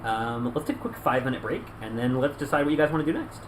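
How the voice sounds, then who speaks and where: A man narrating a tabletop game as game master, telling the story with animated flair and sudden loud yells. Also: mid-range voice, fast talker, background noise. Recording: music playing underneath.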